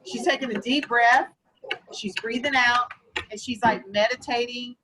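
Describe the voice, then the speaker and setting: A woman teaching young children in a classroom, patiently asking questions and slowly explaining vocabulary. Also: a little high, noisy background. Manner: patient, questioning, slow and encouraging. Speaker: elementary school teacher. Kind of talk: classroom lesson.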